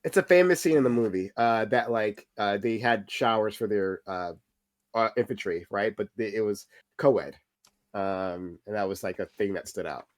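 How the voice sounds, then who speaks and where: A congested, tired man hosting a casual chat, speaking haltingly with many fillers. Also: lowish voice, no echo. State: congested and sleep-deprived. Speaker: show host.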